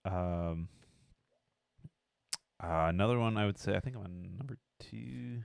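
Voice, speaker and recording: A man's voice: low voice, unhurried, creaky, clear, resonant tone, dry recording. A man co-hosting a casual podcast, hesitant and full of fillers as he searches for words. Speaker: podcast co-host. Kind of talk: casual chat.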